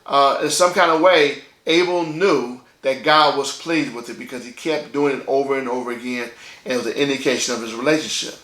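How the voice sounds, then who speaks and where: A man's voice: medium pitch, fairly quick, fairly bright tone, reverberant. A man delivering a sermon as pastor, in a conversational style, checking in with his listeners by asking "okay?" again and again.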